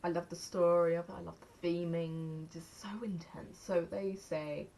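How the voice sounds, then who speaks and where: A woman's voice: on the low side, flat delivery, normal speed, gravelly, dark tone. A young English woman chatting casually to camera in a rambling, self-mocking way, counting aloud as she goes. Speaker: vlogger.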